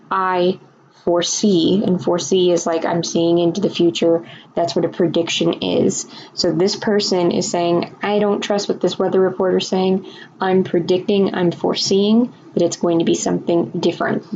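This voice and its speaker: Woman teacher, patient explainer, slightly gravelly, lo-fi screen-recorded lesson. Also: mid-range voice, a little mellow.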